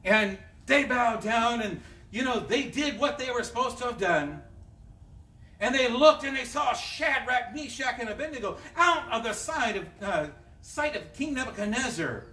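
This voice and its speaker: A man preaching a sermon, telling a Bible story in a lively, dramatic way. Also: extremely high pitch, normal speed. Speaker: pastor. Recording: echoey room, mic at a distance.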